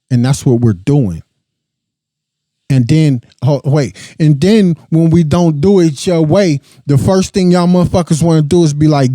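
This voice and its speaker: A man's voice: a little high, normal speed, mellow, no room sound. A young adult man hosting a podcast, giving a blunt, profane, impassioned casual monologue. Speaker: podcast host.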